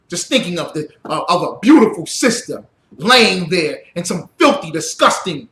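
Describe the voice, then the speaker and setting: A man preaching a fiery sermon as a religious teacher, blunt and profane, rising to shouts. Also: on the high side, animated, normal speed, creaky. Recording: roomy echo.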